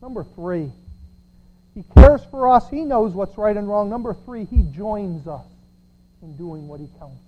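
A pastor preaching a sermon, sarcastic, swinging from shouts to quiet asides. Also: mid-range voice, animated, normal speed, highs cut off. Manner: sarcastic, swinging between shouts and near-whispers.

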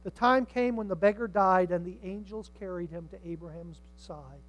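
An older man preaching a sermon, swinging from hushed tones to shouts and acting out the people in his stories. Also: high voice, moderate pace, poor audio. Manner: dramatic, swings from hushed to shouting, acts out voices.

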